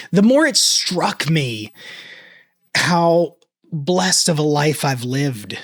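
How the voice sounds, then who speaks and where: A man's voice: fairly high pitch, very animated, fairly bright tone. Earnest man in his thirties, choked up. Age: 30s. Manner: earnest and reflective, speaks in halting bursts. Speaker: reaction video host. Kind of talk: casual reaction commentary.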